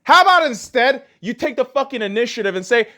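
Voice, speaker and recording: A man's voice: extremely high pitch, very animated, brisk, bright, forceful tone. A man hosting a podcast, ranting crudely and heatedly with heavy swearing. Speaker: podcast host. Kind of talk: profane podcast rant.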